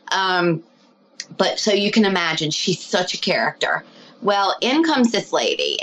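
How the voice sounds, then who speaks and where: Woman guest, healer, lowish voice, animated chatty storyteller full of fillers. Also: low-quality recording. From lives abroad, not local. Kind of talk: casual storytelling interview.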